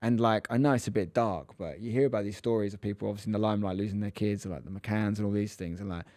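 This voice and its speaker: A man's voice: fairly low pitch, quick pace, mellow, no room sound, clean studio sound. A man in his thirties, a podcast co-host, telling a story in casual chat and acting out the quotes with animation.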